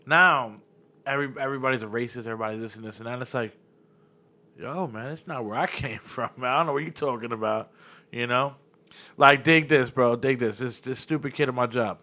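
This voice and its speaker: A man in his thirties with a New York-area accent, hosting a podcast and telling stories in lively, slangy casual chat. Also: medium pitch, a little fast. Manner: animated storytelling, slangy, repeats words. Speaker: podcast host.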